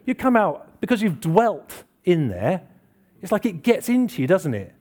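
A man preaching in a relaxed, conversational way, his voice rising and falling with a lot of movement. It sits a little above the usual male pitch. He talks to the congregation, asks them questions and pokes fun at himself. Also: normal speed. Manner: chatty, self-deprecating, asks the congregation questions. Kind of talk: informal church sermon. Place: church hall with congregation.

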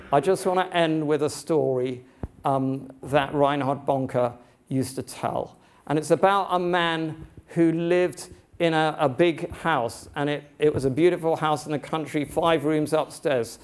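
A male preacher tells a story during a sermon in an earnest, halting way, often restarting his sentences. His voice sits a little high for a man. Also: a little mellow.

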